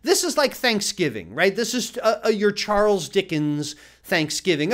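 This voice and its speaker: A male chef giving a casual cooking lesson, chatty and lively, laughing often and restarting his sentences. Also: sits high, moderate pace, hardly any pauses.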